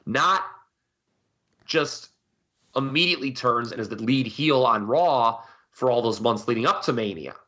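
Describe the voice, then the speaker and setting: A man's voice: mid-range voice, expressive, unhurried, pushed and bright, lo-fi sound. A man co-hosting a casual podcast, giving emphatic, rambling opinions. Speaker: podcast co-host. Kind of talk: casual wrestling podcast chat.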